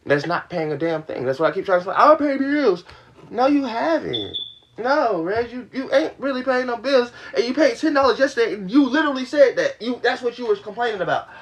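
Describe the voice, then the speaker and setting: A man's voice: very high voice, lively intonation, fairly quick. A young man venting to his livestream audience in a heated, profane rush, repeating his points. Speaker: livestream host. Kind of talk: venting to a live stream audience.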